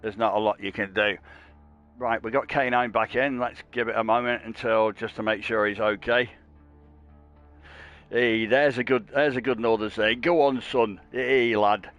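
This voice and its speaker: Chatty man calling a sim race. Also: dull audio. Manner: chatty and jokey, with rambling asides; gets louder and higher at race starts. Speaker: sim racing commentator and stream host. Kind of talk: live esports race commentary.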